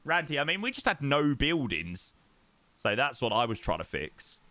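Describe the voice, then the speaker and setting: A man's voice: mid-range voice, very animated, moderate pace, pushed and bright, no echo. A young man streaming live, chatting casually in a rambling way with sighs and yawns, tired. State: tired, yawning. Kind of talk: casual chat.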